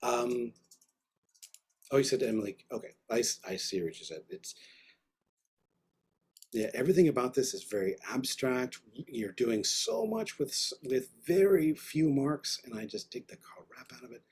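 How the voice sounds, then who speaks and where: A man's voice: medium pitch, moderate pace, darkish tone, breathy edge. A man teaching an online art class, giving enthusiastic, rambling, slangy feedback over a video call. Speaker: art instructor.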